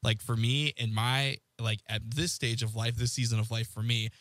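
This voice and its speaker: A man co-hosts a casual talk show in a medium-pitched voice. He speaks earnestly and reflectively, with frequent fillers. The recording is dry and close. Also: little pitch movement, moderate pace, a bit bright, dry recording. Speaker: co-host. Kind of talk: casual podcast chat.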